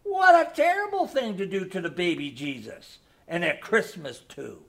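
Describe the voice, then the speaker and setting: A man's voice: sits high, big pitch swings, normal speed, creaky, fairly bright tone, heavily acted. A man reading the lines of an eager, pleading young child.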